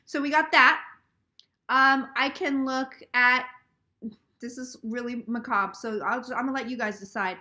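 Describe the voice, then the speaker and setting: A woman hosting a live tarot stream, chatting casually. She is an animated, swearing storyteller who laughs often and acts out other people's lines. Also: on the high side, normal speed.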